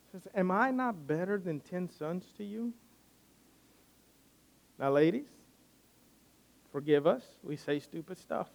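A man preaching a sermon, earnest and building his points by repeating phrases. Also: high-pitched. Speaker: pastor.

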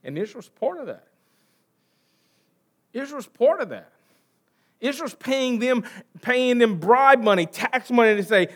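An American man preaching a sermon, conversational and asking the congregation questions, swinging from loud emphasis to quiet trailing line endings. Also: very high-pitched, big pitch swings, a little slow, pauses often. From United States. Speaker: pastor.

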